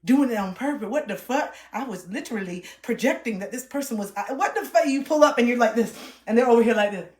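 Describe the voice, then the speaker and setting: A woman's voice: on the high side, lively intonation, fast, hardly any pauses, darkish tone. A woman livestreamer ranting in a blunt, profane, confrontational way. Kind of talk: livestream rant. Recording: roomy echo.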